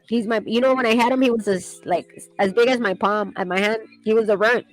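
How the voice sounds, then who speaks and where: A woman's voice: fairly high pitch, normal speed, soft background music, poor audio. A woman in casual chat, telling rambling stories with frequent laughter and casual swearing. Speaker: streamer chatting while sketching.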